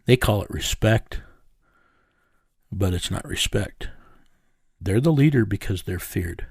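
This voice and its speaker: A man's voice: lowish voice, expressive, takes it slowly, vocal fry, darkish tone, slightly rough, dry recording, studio quality. A man in an interview, bluntly recounting a tense story in a matter-of-fact way. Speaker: interview subject recounting events.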